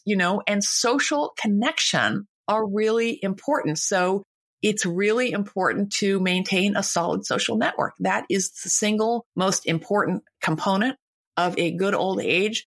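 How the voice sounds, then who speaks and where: A woman's voice: medium pitch, a bit bright. An older woman, a guest author, speaking emphatically and with firm opinions in a conversational interview.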